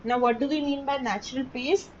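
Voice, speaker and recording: Female instructor, emphatic lecture delivery with frequent check-ins; slightly muffled recording, faint low hum. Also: fairly quick. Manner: emphatic, repeats key words, checks understanding. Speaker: teacher. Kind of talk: online class lecture.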